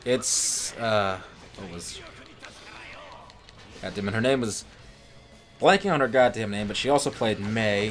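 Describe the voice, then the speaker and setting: A man's voice: fairly low pitch, a little slow, pauses often, fairly bright tone, soft background music. A man chatting casually beside a gameplay session, easygoing and prone to trivia tangents. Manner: easygoing, chatty, gets sidetracked looking up trivia. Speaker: co-commentator. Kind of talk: casual chat over gameplay.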